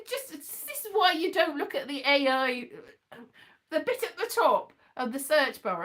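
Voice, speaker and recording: A woman's voice: high-pitched, fairly bright tone. A woman rambling through a solo chat, wandering and thinking aloud as she goes. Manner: chatty, wandering, thinks aloud, breaks into sing-song.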